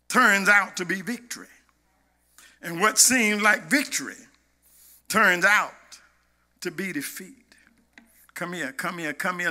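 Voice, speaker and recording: A man a gospel sermon, shouting and half-singing his lines in a call-and-response cadence. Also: high-pitched. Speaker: preacher.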